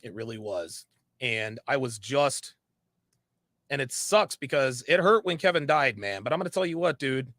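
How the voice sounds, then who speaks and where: A man's voice: mid-range voice, animated, normal speed, a bit bright, dry recording, clean studio sound. A man speaking frankly in a monologue, repeating phrases for emphasis. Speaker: online commentator. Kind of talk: candid monologue.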